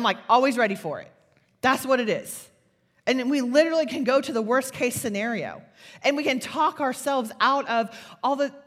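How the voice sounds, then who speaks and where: A woman's voice: high-pitched, a bit bright. A middle-aged woman gives an earnest, confessional faith talk to an audience. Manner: earnest, confessional, builds to fervent. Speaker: speaker. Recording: long hall reverb.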